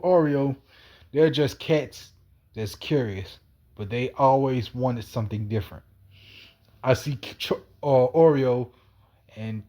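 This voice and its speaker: A man's voice: mid-range voice, darkish tone. A man in a rambling, wandering monologue, repeating himself and swearing casually. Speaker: cat feeder.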